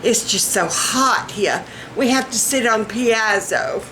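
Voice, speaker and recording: A woman's voice: on the high side, takes it slowly, heavy background noise. A woman with a Southern US accent voicing a genteel rich Southern belle who lounges on the porch. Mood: languid.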